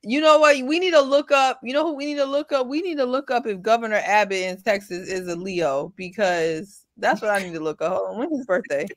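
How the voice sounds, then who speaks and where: A woman's voice: fairly high pitch, fairly quick, hardly any pauses, no room sound, studio quality. A woman co-hosting a podcast in casual chat, blunt and opinionated with loose slang. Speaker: podcast co-host.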